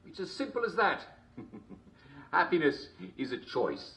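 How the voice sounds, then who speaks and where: A man's voice: on the high side, sing-song, measured pace, pushed and bright, full character voice. Man doing Uncle Jack, chuckling host. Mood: jovial. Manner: chuckles constantly, mock-cheerful and smarmy. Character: jovial chuckling male English TV host. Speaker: show host. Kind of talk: comedic character monologue.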